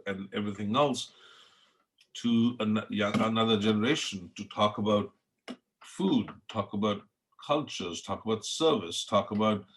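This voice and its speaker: Earnest and passionate, a middle-aged chef from India recounts his story in a reflective interview on a podcast. He has an Indian accent and a lowish voice, speaking a little slowly.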